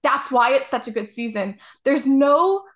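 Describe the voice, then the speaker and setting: A woman's voice: high-pitched, expressive, unhurried, fairly bright tone. A young woman co-hosting a podcast in easy, chatty conversation. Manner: chatty, reacts with surprise. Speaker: podcast co-host. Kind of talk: casual chat.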